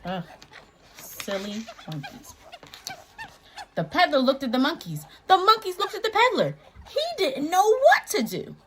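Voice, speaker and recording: A woman reading a picture book aloud to young children, playful and asking them questions with dramatic pauses. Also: extremely high pitch, huge pitch swings, a bit bright. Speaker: children's story reader. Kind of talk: animated children's read-aloud.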